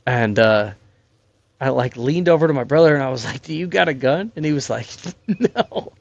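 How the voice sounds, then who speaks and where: A man's voice: mid-range voice, brisk, creaky, lo-fi sound. A young man on a podcast telling a rambling, profane hunting-camp story in casual chat. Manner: rambling and profane, many fillers. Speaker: podcast guest, hunting crew member.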